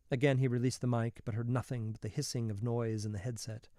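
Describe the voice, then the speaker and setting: Mellow-voiced man reading a novel. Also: mid-range voice, dry recording, clean studio sound. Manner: steady, measured storytelling. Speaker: reader.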